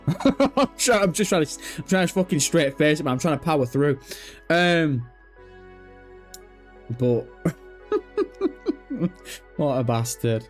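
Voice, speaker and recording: A man's voice: on the high side, animated, slow pace, long pauses, soft background music. A man chatting casually on a gaming news livestream, swearing freely and breaking into helpless laughter.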